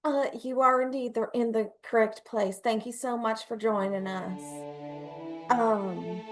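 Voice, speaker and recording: A woman game master narrating a tabletop game in a gentle, hesitant way with many fillers. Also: a little high, fairly even intonation, unhurried, music in the background.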